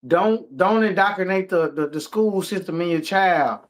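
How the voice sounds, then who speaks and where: A man with a high voice co-hosts a casual talk show, speaking at normal speed. He delivers a profane, emphatic, animated rant in a heated, informal exchange.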